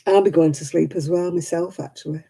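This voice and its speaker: A woman's voice: lowish voice, fairly even intonation, brisk, gravelly, mellow, slightly rough. A tired woman, hosting a casual livestream and chatting with her viewers by name. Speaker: livestream host.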